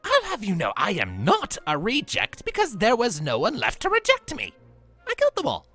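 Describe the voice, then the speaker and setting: A man's voice: on the high side, wildly swooping pitch, slow, pushed and bright, soft background music, pitched above the performer's own voice, full character voice. A man voicing an arrogant male jester villain who is boastful and mocking, with a theatrical, gloating delivery. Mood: indignant.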